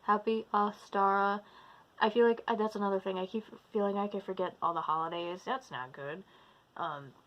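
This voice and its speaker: A woman talking alone to her camera in a casual vlog, drifting into a playful put-on British-like accent. She rambles and trails off, loses her thread and circles back. Her pitch sits at an ordinary middle height for a woman. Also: steady tone, brisk, dull audio. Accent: slipping into a put-on British-like accent. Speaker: vlogger, practicing witch and druid. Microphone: camera recording herself.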